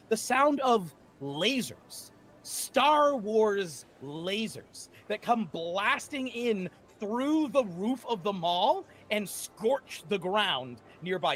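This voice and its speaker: A man narrating as game master of a tabletop game, lively, with frequent fillers and laughs. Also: sits high. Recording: faint background noise.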